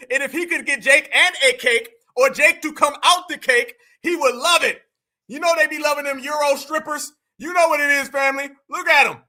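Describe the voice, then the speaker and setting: A man hosting a live reaction show, talking in a loud, mocking, animated way and often shouting. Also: very high voice. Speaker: online show host.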